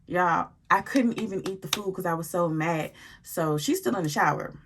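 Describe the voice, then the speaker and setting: Animated slangy woman telling a story. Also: fairly low pitch, moderate pace, noisy background. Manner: animated, slangy, swears freely, talks straight to viewers. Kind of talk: casual storytime monologue.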